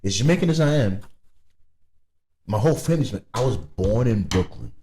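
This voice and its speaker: A man talks in a loose, drunk podcast chat. His voice is low and mellow. He rambles, repeats words and slides into patois phrases. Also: big pitch swings, fairly quick, slightly rough. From United States. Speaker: podcast host. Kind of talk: casual chat.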